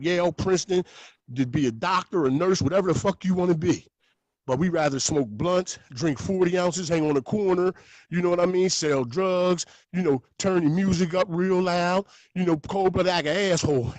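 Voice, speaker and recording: A man talking as a podcast guest, telling stories in a lively, profane way. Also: sits high, dry recording. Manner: animated, profane storytelling. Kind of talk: casual podcast talk.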